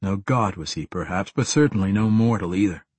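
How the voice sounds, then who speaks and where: A male narrator voicing a calm male ranger who speaks in a steady, measured and reassuring way. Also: on the low side, slightly rough, no room sound. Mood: grave.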